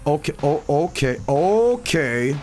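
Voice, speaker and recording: A man's voice: a little high, very animated, slow pace, a little mellow, soft background music. A man streaming a video game, rambling and profane about a dream and the game. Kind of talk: casual game stream commentary.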